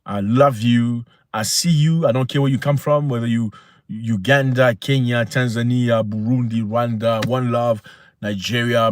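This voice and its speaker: A man's voice: medium pitch, dry recording, studio quality. A man hosting a casual livestream, speaking emphatically and preaching to viewers. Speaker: livestream host.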